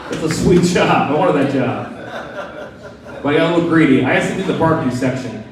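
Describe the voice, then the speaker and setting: A man's voice: on the high side, a little fast, far from the mic, crowd noise. Self-deprecating man doing stand-up. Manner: self-deprecating, easygoing delivery. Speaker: stand-up comic. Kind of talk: stand-up comedy set. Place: small comedy club stage. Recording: echoey room miked from afar.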